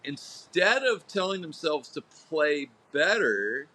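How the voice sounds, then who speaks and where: Bright, lively man telling coaching stories. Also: on the high side, takes it slowly. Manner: animated storyteller acting out quotes. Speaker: tennis coach, podcast guest. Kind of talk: casual interview chat.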